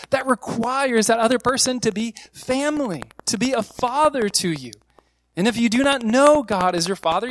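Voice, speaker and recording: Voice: mid-range voice, slight background noise, poor audio. A preacher giving an earnest sermon, repeating key phrases for emphasis and asking one rhetorical question after another.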